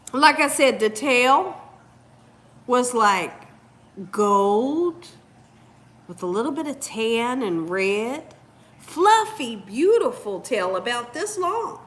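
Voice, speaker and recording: A woman hosting a channel, telling a story in an animated, casual way and talking straight to viewers. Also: high-pitched. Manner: animated, addresses viewers as "y'all". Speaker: cooking channel host.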